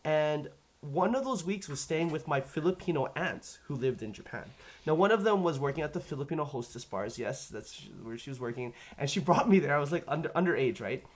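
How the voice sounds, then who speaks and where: A man's voice: fairly high pitch, expressive, fairly quick. A man with a Canadian accent hosting a live-stream chat, telling long stories full of fillers and restarts. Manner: rambling storyteller, many fillers and restarts. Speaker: stream host.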